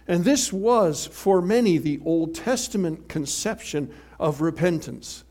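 A man preaching a sermon in an animated, emphatic way, swinging from loud to hushed. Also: high voice.

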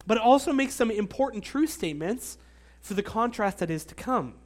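A man with a high voice preaches a sermon. He teaches earnestly and leans on emphatic pauses. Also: expressive. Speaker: pastor.

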